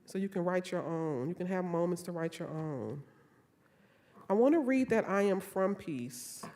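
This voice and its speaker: A woman author from Chicago, reading her poetry in a slow, rhythmic way and telling stories with a playful laugh. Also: mid-range voice, darkish tone. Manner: slow rhythmic poetic delivery.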